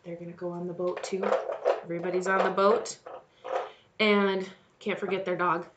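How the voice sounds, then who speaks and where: A woman leading a children's message, telling a story to kids in an animated way and speaking to them directly. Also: lowish voice, normal speed, lo-fi sound, very noisy.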